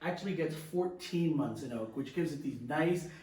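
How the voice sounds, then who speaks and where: A man co-hosting a wine show, explaining each wine in detail with the odd filler pause. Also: a little high, animated, a little mellow, echoey room, recorded from a distance. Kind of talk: casual wine tasting chat.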